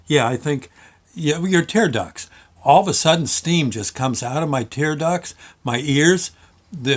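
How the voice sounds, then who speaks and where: An older man hosting his show, telling a fond, rambling family story full of halting restarts. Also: medium pitch. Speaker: show host. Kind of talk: nostalgic storytelling monologue.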